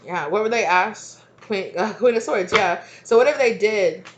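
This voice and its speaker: A woman's voice: mid-range voice, moderate pace, dull audio, noisy background. A woman giving a casual spoken tarot reading, rambling and repeating herself with lots of fillers and chatty asides. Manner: laughs easily, chatty asides. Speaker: tarot reader.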